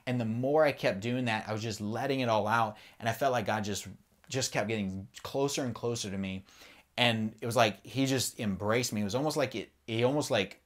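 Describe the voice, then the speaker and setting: A man's voice: mid-range voice, brisk. A man on a podcast, candidly telling a personal faith story in an earnest, rambling way and swearing freely.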